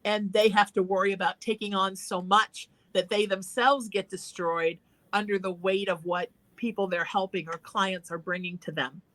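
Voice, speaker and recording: A woman's voice: medium pitch, steady tone, normal speed, a bit bright. Earnest woman host giving advice. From Irish heritage. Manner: earnest, encouraging, conversational. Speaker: psychic talk show host. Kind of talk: advice on a call-in show.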